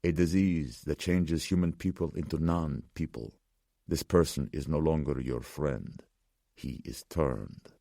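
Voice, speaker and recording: A man's voice: very deep voice, creaky, warm tone, no room sound, studio quality, heavily acted. A man voicing a somber, ominous old survivor. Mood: grave. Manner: slow, grave, measured.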